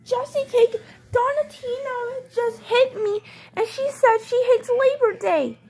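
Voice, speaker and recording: A woman's voice: extremely high pitch, unhurried, darkish tone, faint music behind. Woman doing a hurt, tattling little girl. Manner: complaining, tattling. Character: upset young girl doll, easily hurt. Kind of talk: toy play storytelling.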